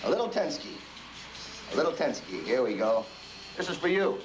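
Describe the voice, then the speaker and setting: A brash wheedling hustler. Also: male voice, on the high side, sing-song, moderate pace, noisy background. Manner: brash, wheedling, then shouting. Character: pushy male hustler trying to bribe his way past a door. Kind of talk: 1950s period film acting. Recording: distant film audio with music behind.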